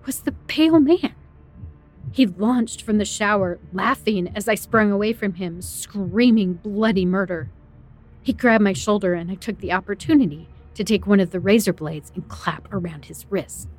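A woman narrating a first-person horror story in a dramatic, tense storytelling manner. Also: fairly low pitch.

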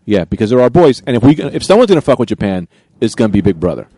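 Fast-talking animated man, dry close mic. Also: medium pitch, husky, dry recording. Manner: animated, jokey, quick back-and-forth. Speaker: podcast co-host. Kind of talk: casual banter.

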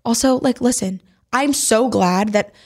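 A young woman co-hosting a podcast, chatting casually and telling animated stories with blunt opinions. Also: a little high, unhurried. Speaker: podcast co-host. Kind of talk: casual chat.

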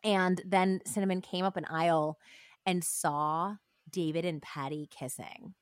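A woman's voice: lowish voice, fairly even intonation, unhurried, dry recording, studio quality. A woman hosting a true crime podcast, earnestly telling the story and reading passages aloud from a book. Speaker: podcast host.

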